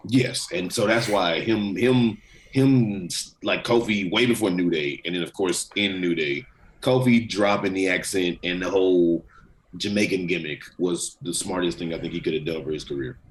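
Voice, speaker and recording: A young man co-hosting a casual wrestling podcast, profane and animated, laughing often. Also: sits low, moderate pace, poor audio. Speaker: podcast co-host. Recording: faint background noise.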